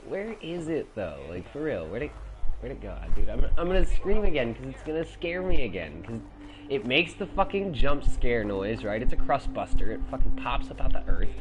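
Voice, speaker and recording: A man's voice: mid-range voice, big pitch swings, normal speed. A young man giving casual gameplay commentary as he plays, swearing a lot and shrieking when he is startled. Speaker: gaming video host.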